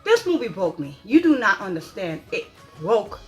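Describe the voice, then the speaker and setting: Highly animated, emphatic woman reviewer. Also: normal speed, faint music behind. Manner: dramatic, emphatic, repeats "okay?" for emphasis. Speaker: movie reviewer. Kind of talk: animated spoken movie review.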